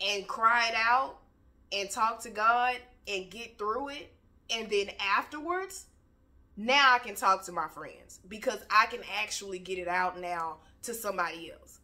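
A woman's voice: mid-range voice, sharp tone. A woman on her couch at home giving a candid motivational talk, blunt and preachy, swearing freely. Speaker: motivational speaker.

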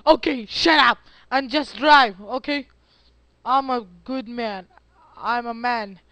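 A man talks through his gameplay in a high, bright voice, drawn out at a very slow pace. He is excitable and keeps up a running chat with himself as he plays. The sound is dry and close. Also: dry recording. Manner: excitable, yelps and talks to himself while playing. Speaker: gameplay commentator. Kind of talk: casual let's-play commentary.

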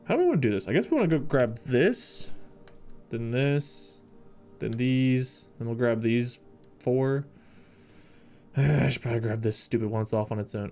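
A man's voice: mid-range voice, brisk, a little mellow, faint music behind. A man from Ohio streaming a game, chatting casually and reading out viewer messages. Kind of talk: casual live-stream chat.

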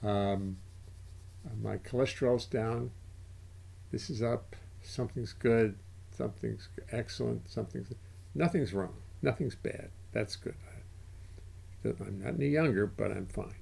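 A man's voice: lowish voice, unhurried, gravelly, warm tone, slightly rough. An older man hosting a livestream in casual chat, rambling and interrupting himself as he goes. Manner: rambling, self-interrupting, chatty. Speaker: livestream host.

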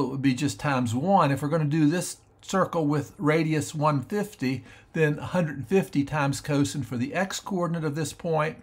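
Guy doing a math screencast, kinda higher voice, thinks out loud and restarts a lot. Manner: thinking aloud with frequent fillers and restarts; unhurried and explanatory. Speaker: math educator.

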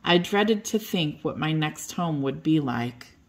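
An older woman reading a children's bedtime story aloud in a gentle, expressive way. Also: deep voice, measured pace, slight background noise.

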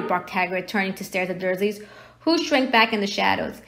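A woman reading a novel aloud, narrating the story in a steady storytelling manner. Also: mid-range voice, moderate pace, gravelly. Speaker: reader.

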